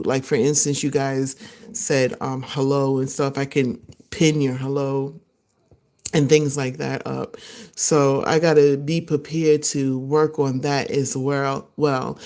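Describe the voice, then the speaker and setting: A woman hosting her own podcast, chatting casually and excitedly to live viewers, laughing often and acting out what others said. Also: extremely low pitch. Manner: animated, laughing, acts out voices of others. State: excited and a little nervous. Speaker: podcast host. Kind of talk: casual solo livestream chat.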